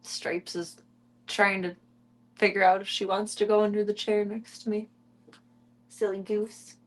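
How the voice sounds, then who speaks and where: A woman's voice: medium pitch, level tone, unhurried, pauses often. A young woman streamer chatting casually and cooing in baby talk at her kittens, often giggling. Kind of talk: casual chat with her cats.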